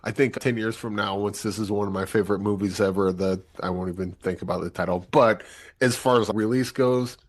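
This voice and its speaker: Man, podcast host, casual movie talk, fairly low pitch, lively delivery. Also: brisk. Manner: animated, acts out quotes. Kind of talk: casual movie review chat.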